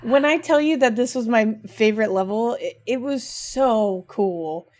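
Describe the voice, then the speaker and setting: A woman's voice: a little high, measured pace, a little mellow. Gushing young woman podcast host. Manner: gushing, emotional, lots of "like" and "rad". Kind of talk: casual chat recapping a video game.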